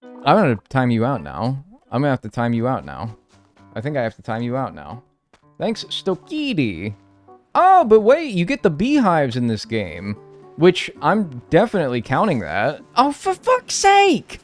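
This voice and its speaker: Brief: male streamer, animated, swears freely, banters with chat, lively pitch, faint game music behind. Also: normal speed. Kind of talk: live gameplay commentary.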